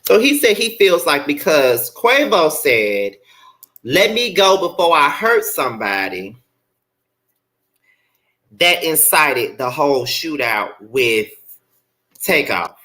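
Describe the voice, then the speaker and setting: A man's voice: fairly high pitch, big pitch swings, takes it slowly, long pauses, bright, forceful tone. A man hosting a commentary vlog, talking bluntly and profanely in a ranting, heated way. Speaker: commentary channel host.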